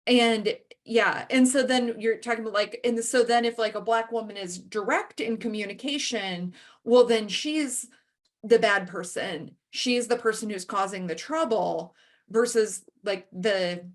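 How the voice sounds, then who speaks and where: A woman's voice: mid-range voice, a little slow. A woman speaking candidly as a panelist in a panel discussion, telling stories and shifting into voices for the people she quotes. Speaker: panelist and author.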